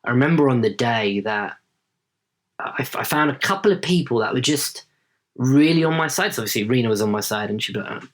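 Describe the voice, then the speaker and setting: A man's voice: mid-range voice, expressive, a little fast. A man in his late thirties, a podcast guest telling a story casually, often tagging his sentences with "right?". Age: late 30s. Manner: chatty, tags sentences with "right?".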